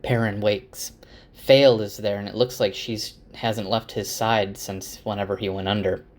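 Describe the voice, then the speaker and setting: A man's voice: lowish voice, fairly even intonation, a little slow. Man casually recapping a fantasy novel. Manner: rambling with fillers and self-corrections. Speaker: book summarizer. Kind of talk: casual spoken book recap.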